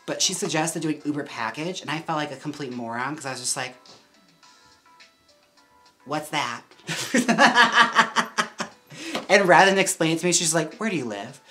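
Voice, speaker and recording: A woman's voice: low voice, expressive, normal speed, sharp tone, faint music behind. A woman hosting a casual livestream while styling a wig. She is chatty and giggly and says "like" a lot. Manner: chatty, giggly, heavy use of "like".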